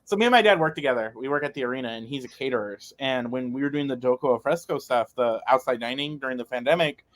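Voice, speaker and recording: A man co-hosting a casual chat, laid-back and profane, turning earnest when he gives advice. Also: medium pitch.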